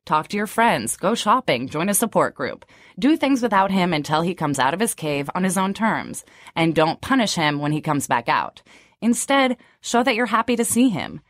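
A woman's voice: fairly low pitch, sing-song, moderate pace, no room sound, studio quality. A woman in her thirties co-hosting, moving between read-out summaries and loose chat full of "like" fillers. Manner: chatty, frequent "like" fillers when unscripted. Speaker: co-host. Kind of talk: scripted summary and casual chat.

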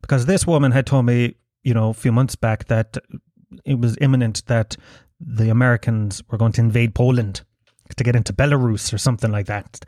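Irish man, podcast host, casual solo chat, rambling, profane, jokey, mid-pitched voice, dry close mic. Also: fairly even intonation, brisk, warm tone, no room sound.

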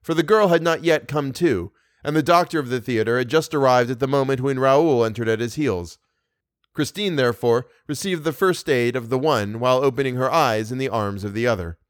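A man reads a classic novel aloud in a steady, measured way, his voice in the middle range for a man. The recording is dry and close, with no room around it. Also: medium pitch, no room sound. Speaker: audiobook narrator. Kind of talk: scripted narration.

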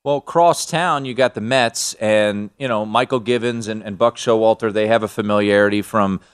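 A man's voice: on the low side, moderate pace, clean tone. A man hosting a sports betting talk show, chatting loosely and restarting his sentences often.

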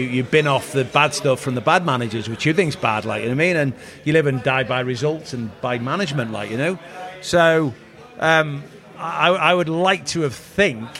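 A man's voice: mid-range voice, a bit bright. A middle-aged man, a former footballer telling rambling anecdotes in casual chat. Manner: rambling anecdotal, quotes others in voices. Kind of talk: storytelling chat.

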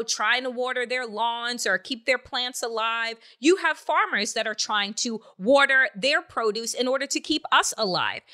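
A female podcast host rants about politics in a high-pitched, pushed, bright voice. She is angry and emphatic, swearing heavily and firing off rhetorical questions.

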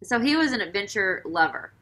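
A woman hosting an interview, asking questions in a casual, animated way with frequent fillers. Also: medium pitch, brisk, low-quality recording. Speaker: interviewer, host. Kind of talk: conversational interview.

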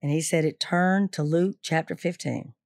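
Teacher lady telling a story, lowish voice, dry close sound, does little voices for the quotes. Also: steady tone, normal speed, a little mellow, dry recording. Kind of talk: storytelling retelling.

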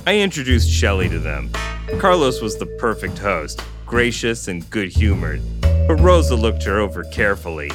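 Man, podcast co-host, lively pitch, playful, music underneath. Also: moderate pace. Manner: animated, laughs often, playful asides. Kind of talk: casual chat and reading a novel aloud.

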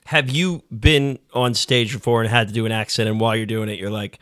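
A man's voice: fairly low pitch, fairly even intonation, fast, few pauses, a bit bright, dry recording, studio quality. A man hosting a film podcast, asking long, rambling questions with false starts. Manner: asks rambling questions with restarts. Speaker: podcast host. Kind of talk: casual film chat.

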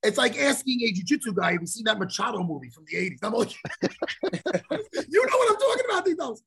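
A man hosting a podcast, telling a story in a profane, animated way and acting out the lines of the people in it. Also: extremely high pitch, brisk, gravelly, slightly rough. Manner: profane, animated storyteller who acts out quotes. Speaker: podcast host. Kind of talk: casual storytelling chat.

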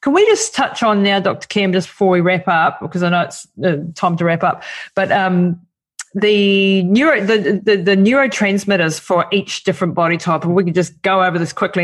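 A woman hosting a podcast interview, chatty and quick to laugh, who acts out little quotes animatedly. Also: lowish voice. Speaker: podcast host.

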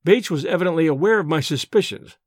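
A man narrating a first-person novel as an audiobook, expressive and storytelling in manner. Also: a little high, fast talker, dry recording, clean studio sound.

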